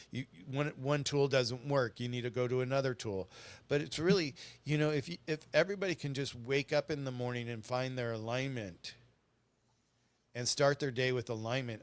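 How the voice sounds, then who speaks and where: A man's voice: mid-range voice, clean tone. A middle-aged man chatting as a guest, telling stories in an earnest, rambling way. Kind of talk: casual storytelling chat.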